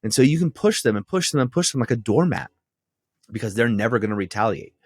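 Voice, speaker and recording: A man's voice: mid-range voice, lively intonation, fast talker, husky, no room sound. A man hosting a podcast, giving direct, firm coaching advice to men in a monologue and often checking in with "right?". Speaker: podcast host and men's relationship coach.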